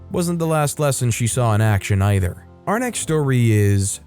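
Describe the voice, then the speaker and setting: Male narrator at a mid pitch, reads online stories expressively over faint background music. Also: mellow. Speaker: narrator reading online posts. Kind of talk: scripted story narration.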